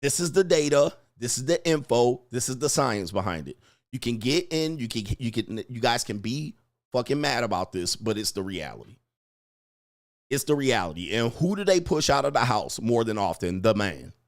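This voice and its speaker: A man's voice: mid-range voice, sing-song, normal speed, dry recording, clean studio sound. A man hosting a casual commentary show, talking bluntly and profanely and acting out quotes in other voices. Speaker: relationship commentator and host. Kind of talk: casual commentary reacting to clips.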